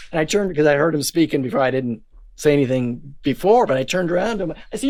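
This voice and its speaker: Man guest, lively storyteller who shouts out lines, voice leaps high and low. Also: quick pace. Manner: animated, exclaiming and laughing while telling a story. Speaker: podcast guest. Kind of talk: excited storytelling.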